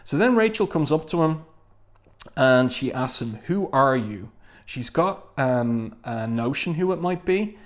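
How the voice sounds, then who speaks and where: A man's voice: fairly high pitch, lively intonation, a little slow. Man casually reviewing a comic book. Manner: conversational, many fillers, reads quoted lines plainly. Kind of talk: casual reading and commentary.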